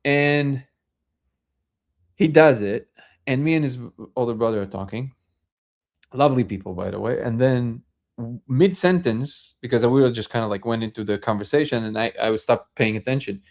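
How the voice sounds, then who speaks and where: A man hosts a laid-back live discussion in an ordinary mid-range voice at a moderate pace. His stories wander, looping back with filler words and restarts.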